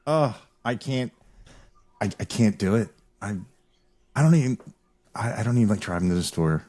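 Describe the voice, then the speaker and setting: Chatty guy host, rambles and restarts a lot, gets animated telling stories. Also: on the low side, moderate pace. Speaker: podcast host. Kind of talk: casual chat.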